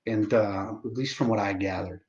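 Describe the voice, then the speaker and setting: A man in his forties chatting on a livestream, sarcastic and profane, halting often with fillers. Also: on the low side, a little mellow, muffled recording. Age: 40s. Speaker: livestream host. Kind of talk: casual livestream chat.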